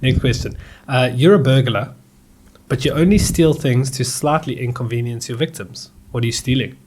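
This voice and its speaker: A man's voice: mid-range voice, normal speed, darkish tone, breathy edge. A man co-hosting a podcast in casual banter, putting the questions to the others and tripping over long words. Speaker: podcast co-host.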